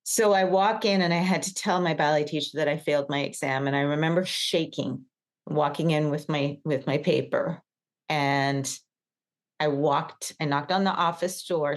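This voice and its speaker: A middle-aged woman on a podcast, telling a personal story in a casual, animated way with many fillers. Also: sits low, unhurried. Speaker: podcast co-host.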